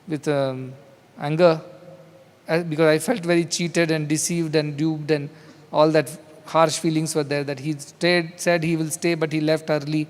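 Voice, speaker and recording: Indian English man giving a conversational spiritual talk, high-pitched, big hall with long reverb. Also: little pitch movement, moderate pace. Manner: conversational, storytelling with quoted dialogue. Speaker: spiritual teacher. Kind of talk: spiritual discourse. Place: large hall.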